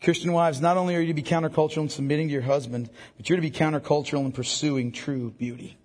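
Male pastor, middle-aged, husky and high-pitched, joking sermon delivery, long reverb. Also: fairly even intonation, quick pace, darkish tone. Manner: joking asides with a congregation. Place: church hall.

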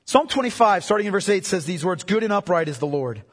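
A man with a high, husky voice preaches a sermon, hammering home key lines by repeating them. He stops to put questions straight to his listeners. His voice rings out through a large hall with a long, lingering reverb. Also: animated, fast. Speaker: pastor.

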